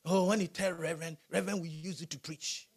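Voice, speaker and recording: A male pastor preaching a sermon, animated and rising to shouts. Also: fairly high pitch, fast talker, breathy edge.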